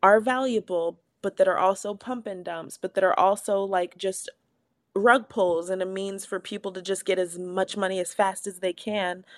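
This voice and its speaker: A young woman co-hosting a casual podcast, animated and quick to laugh, swearing freely as she talks. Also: mid-range voice, no echo, studio quality. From Pacific Northwest of the US. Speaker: podcast co-host.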